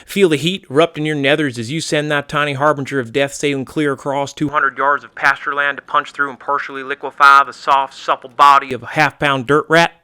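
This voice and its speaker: A man's voice: medium pitch, flat delivery, brisk, few pauses, bright, forceful tone, clear, resonant tone. A man doing a brash, gun-loving rural guy. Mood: boastful. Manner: blustering, crude and folksy. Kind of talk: comedy sketch acting.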